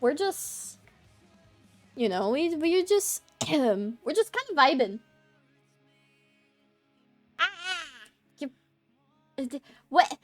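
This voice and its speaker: A woman streaming and chatting loosely with her audience, her voice high and her pace unhurried. She rambles from thought to thought, joking crudely and breaking into laughs. Faint music plays underneath. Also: sing-song. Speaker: VTuber streamer. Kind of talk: casual livestream chat with viewers.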